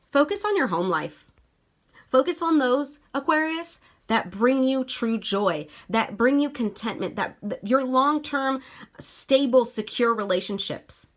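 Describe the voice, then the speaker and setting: A woman's voice: on the high side, big pitch swings, a little slow, slight background noise. Chatty swearing woman tarot reader. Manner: chatty, swears freely, addresses viewers directly. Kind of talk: casual tarot reading to viewers.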